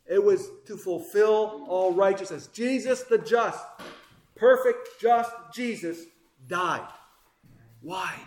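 A man preaching a sermon with passion, swinging between loud emphasis and hushed asides. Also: high-pitched, slow, roomy sound.

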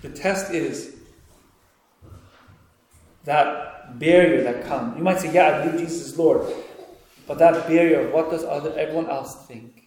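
High-voiced male preacher in an echoey room. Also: unhurried, long pauses. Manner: swings from hushed, quiet pleading to loud, excited storytelling. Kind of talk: sermon. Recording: very echoey room, faint noise.

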